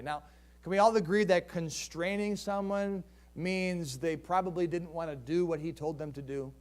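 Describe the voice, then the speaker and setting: A man's voice: on the high side, fairly even intonation, normal speed. A male pastor preaching a sermon in a conversational way, asking the congregation rhetorical questions.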